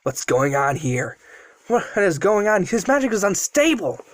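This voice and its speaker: A man's voice: sits high, big pitch swings, unhurried, dry recording, clean studio sound, pitched above the performer's own voice. A man voicing a sinister male mage who fights with chains, mocking and gloating. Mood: alarmed.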